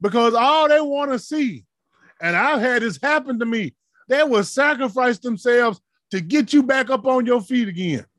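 High-voiced impassioned male preacher. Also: expressive, moderate pace, no echo. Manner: impassioned, rhythmic preaching with shouted peaks and asides. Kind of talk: sermon.

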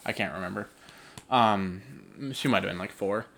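A young man co-hosting a casual podcast, easygoing, often trailing off softly. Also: lowish voice, moderate pace, vocal fry, a little hiss or hum. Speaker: podcast co-host. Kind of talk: casual chat.

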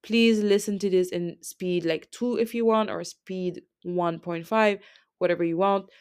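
Woman, French accent, podcast host, casual chatty recap, rambling with fillers, lowish voice, dry close sound. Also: fairly even intonation, measured pace, a little mellow, clear, resonant tone, no echo. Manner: rambling, chatty, heavy use of filler words.

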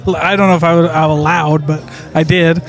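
A man's voice: fairly high pitch, level tone, moderate pace. Laughing playful podcast host, man. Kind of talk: casual chat.

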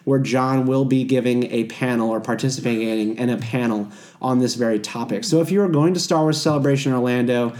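A man's voice: medium pitch, steady tone, a little fast, darkish tone. Upbeat man hosting a podcast. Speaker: podcast host. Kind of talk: casual podcast chat.

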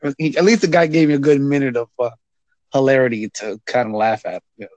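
Man, podcast host, mid-pitched voice, relaxed and rambling, chuckles, dry close mic. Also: fast talker, no echo. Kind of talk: casual chat.

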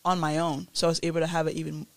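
A woman co-hosting a casual podcast chat, earnest and storytelling with quick laughs. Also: low voice, little pitch movement, no room sound. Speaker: podcast co-host.

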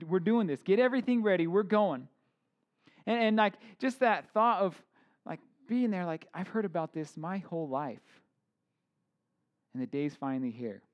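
A man's voice: fairly high pitch, muffled recording. A man in his thirties preaching a casual sermon, informal, with joking asides and many fillers and restarts. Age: 30s. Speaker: pastor.

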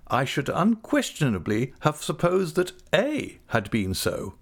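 Guy doing a flowery pompous gent, pitched up high, all bowing and ceremony. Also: wildly swooping pitch, a little slow, vocal fry, heavily acted. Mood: florid. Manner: grandiloquent, ceremonious. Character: pompous, flowery middle-aged gentleman.

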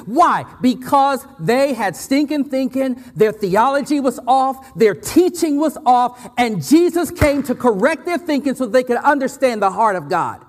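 A man preaching a lively sermon as pastor, repeating phrases and laughing often. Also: very high voice, unhurried, few pauses. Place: church. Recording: church hall with long reverb.

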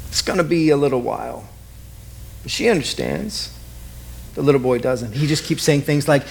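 A man's voice: fairly high pitch, normal speed, vocal fry, pauses often. A man preaching a sermon as vivid present-tense stories, repeating key lines. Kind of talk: dramatic storytelling sermon.

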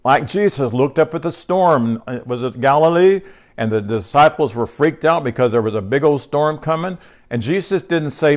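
A man's voice: mid-range voice, expressive, moderate pace. A male pastor preaching in a conversational sermon style, reading scripture aloud and putting questions to his congregation. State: short on sleep.

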